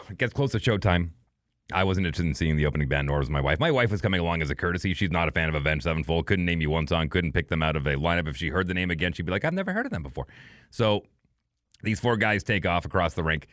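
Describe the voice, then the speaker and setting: Middle-aged male podcast host, low voice, dry close mic, chatty anecdote teller who slips into quick impressions. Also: no room sound. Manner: animated storyteller, acts out quoted voices. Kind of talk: casual storytelling chat.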